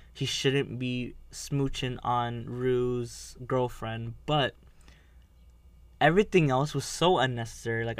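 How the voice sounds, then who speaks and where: A man hosting a casual podcast, talking in a rambling way with many fillers. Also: medium pitch. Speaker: podcast host. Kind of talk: casual chat.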